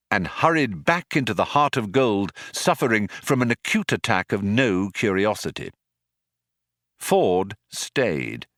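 A man narrating an audiobook in a dry, measured storytelling manner. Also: medium pitch, fairly bright tone, no room sound. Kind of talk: scripted narration.

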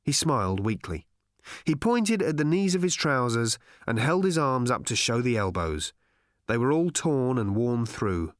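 A man's voice: medium pitch, very animated, measured pace, no echo. A man reading a novel aloud as the narrator, with a wry, dry delivery. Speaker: audiobook narrator. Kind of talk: scripted narration.

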